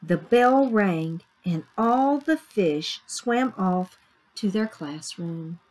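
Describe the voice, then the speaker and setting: A woman teacher reading a picture book aloud to young children, animated and asking them questions along the way. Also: mid-range voice, extremely slow. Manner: animated, asks the listener questions, gasps.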